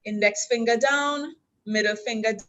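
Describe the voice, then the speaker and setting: A woman's voice: on the high side, normal speed, fairly bright tone, poor audio. A woman with a Trinidadian accent teaching basic sign language step by step at a university orientation, patient and instructional. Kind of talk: teaching a class.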